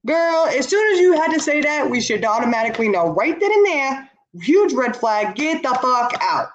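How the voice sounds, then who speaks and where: A woman's voice: high-pitched, very animated, moderate pace, lo-fi sound. A tired woman hosting a casual livestream, talking bluntly and answering her chat as she goes. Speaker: livestream host. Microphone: laptop or webcam.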